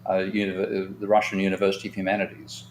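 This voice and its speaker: A man's voice: low-pitched, completely flat delivery, quick pace, echoey room, a little hiss or hum. A man, an economist hosting a live discussion, telling long anecdotes in a frank, rambling way and swearing at times. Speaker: economist and show host.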